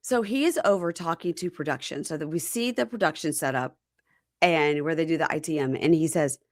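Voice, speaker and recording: A woman's voice: low voice, fairly quick. A woman podcast host animatedly recapping a reality show in casual chat. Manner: animated storytelling, acts out scenes.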